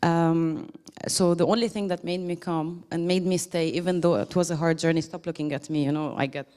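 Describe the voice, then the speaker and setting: Woman, lowish voice, casual speech to a group, laughs often. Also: fairly even intonation, fairly quick, darkish tone, clear, resonant tone. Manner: laughing often, chatty and emotional, quoting others. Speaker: workshop participant giving a thank-you speech.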